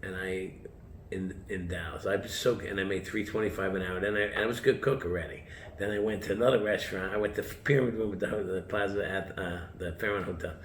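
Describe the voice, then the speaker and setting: A middle-aged man from the United States talks in a casual interview, winding through anecdotes and swearing as he goes. His voice sits very low. The room is echoey, with a faint hum of background noise. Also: fairly even intonation, fast. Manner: rambling anecdotes, swears, acts out quotes. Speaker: chef, interview guest.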